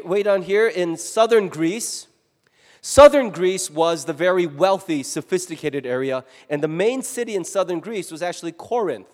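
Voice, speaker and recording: Animated high-voiced male preacher. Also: big-room sound. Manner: animated, acts out quoted voices. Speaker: pastor. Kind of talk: sermon.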